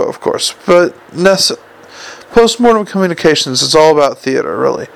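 A man voicing a fussy, nervous middle-aged male wizard who chatters and flusters, with a gravelly edge. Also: on the high side, low-quality recording. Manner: flustered, chatty, eager to please.

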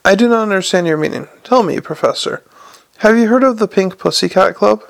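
A man's voice: sits high, fairly quick, gravelly, dry recording, voice pushed up. A man voicing a fussy, lecherous ghost of an ancient professor in an audiobook reading, with a prim, stiff and pedantic delivery.

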